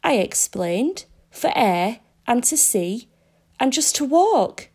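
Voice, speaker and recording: A woman's voice: fairly high pitch, very animated, takes it slowly, a little mellow, breathy edge, full character voice. A woman voicing a polite, mild-mannered man, a writer who answers a police voice simply in a storybook reading. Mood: patient. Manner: polite, simple, then protesting. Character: mild, polite middle-aged male writer out walking.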